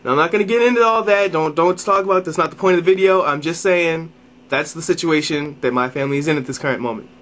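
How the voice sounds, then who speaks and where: A man's voice: fairly high pitch, fast talker, fairly bright tone. A young man ranting to camera in a vlog, exasperated and profane, often repeating and restarting his phrases. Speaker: vlogger.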